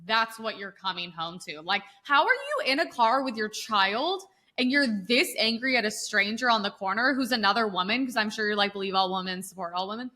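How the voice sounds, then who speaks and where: Bright animated young woman telling a story. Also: medium pitch, fairly quick. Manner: animated anecdote-telling, acts out quoted people. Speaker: podcast co-host. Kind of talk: casual storytelling chat.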